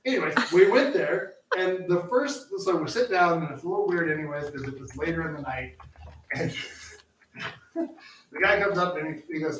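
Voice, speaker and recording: A slightly high, fairly bright male voice at normal speed belongs to a live cooking show co-host. As he cooks he chats loosely and rambles, with frequent fillers and restarts. The sound is roomy, from a distant mic, with faint noise.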